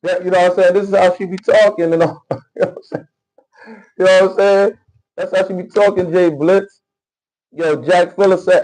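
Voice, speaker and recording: Man, livestream commentator, casual rambling talk, repeats himself a lot, slightly high voice. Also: darkish tone, poor audio. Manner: rambling, repetitive, keeps asking "you know what I'm saying". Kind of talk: casual political commentary reacting to clips and chat.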